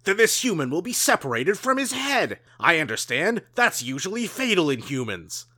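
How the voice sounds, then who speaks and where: A man putting on a clinical male alien with a raised, bright voice in a read-aloud storybook. He delivers threats in a dry, matter-of-fact way. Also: high voice, sing-song, normal speed, voice pushed up, full character voice. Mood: coldly calm.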